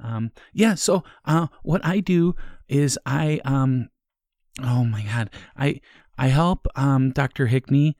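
A man playing a timid, stammering young male assistant in his twenties who keeps breaking into deep demonic growls. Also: takes it slowly, a little mellow, no room sound, clean studio sound. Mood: nervous. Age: 20s. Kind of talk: improvised comedy podcast. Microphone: headphones and studio mic.

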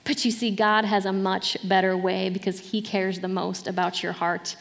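A woman's voice: medium pitch, level tone, normal speed, creaky, big-room sound. A middle-aged woman pastor preaching a sermon in an earnest, conversational way, with light laughs between points.

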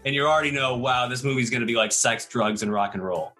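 A man's voice: medium pitch, fast, pushed and bright, soft background music. A man casually telling a made-up movie plot to his co-hosts, rambling with many fillers and frequent laughs. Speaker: podcast host pitching a made-up movie. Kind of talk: casual comedic storytelling.

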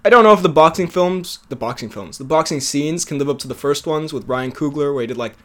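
A man's voice: fairly high pitch, fast, fairly bright tone. Chatty male podcast co-host. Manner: chatty, laughs often, trails off and restarts. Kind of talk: casual chat.

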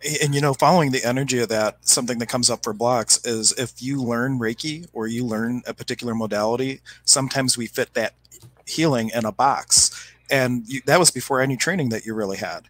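A man co-hosting a podcast, telling a story in an animated way and acting out the quotes. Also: medium pitch, fairly quick, a little hiss or hum. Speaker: podcast co-host. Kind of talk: casual chat.

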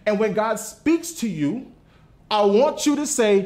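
Animated guy preaching, high voice, swoops up and down, chatty, asks the crowd stuff. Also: a little slow. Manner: animated, conversational, asks the audience questions. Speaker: pastor. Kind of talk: sermon.

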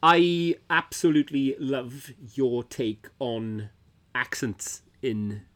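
A British man co-hosting a casual chat show. He talks in a dry, sardonic way, now and then dropping a curse word. He sits at an average pitch for a man. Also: expressive, takes it slowly, fairly bright tone. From Britain. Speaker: podcast co-host.

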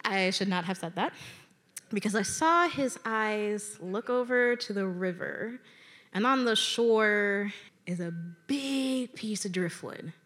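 A woman telling a personal story to an audience from a stage, in an animated, conversational way with dramatic emphasis. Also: medium pitch, takes it slowly. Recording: long hall reverb.

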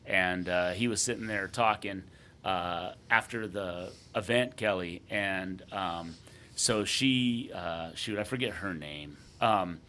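A man's voice: sits low, takes it slowly, sharp tone, a little hiss or hum. A man co-hosting a podcast, telling a sports story casually and rambling with lots of fillers. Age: adult father. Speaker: podcast co-host.

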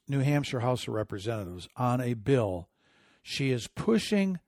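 A man's voice: mid-range voice, dry recording, clean studio sound. Indignant, sarcastic middle-aged man. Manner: sarcastic, indignant, rising to loud outrage. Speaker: commentary host. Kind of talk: opinionated political commentary.

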